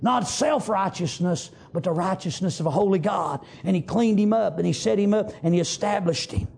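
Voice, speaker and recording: A man preaching a fervent sermon, rising to shouts and punctuating with amens. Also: high voice, moderate pace, gravelly, breathy edge.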